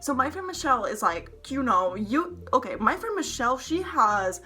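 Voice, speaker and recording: A young woman telling a storytime vlog in an excited, rambling, swearing way. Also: high voice, moderate pace. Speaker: vlogger.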